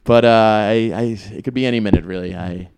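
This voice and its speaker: A man playing a dim, cheerful young soldier from the First World War who keeps waking up in different battles, in an improvised comedy podcast, talking in a halting, stammering, deadpan way. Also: on the low side, creaky, clean tone. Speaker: improv guest in character.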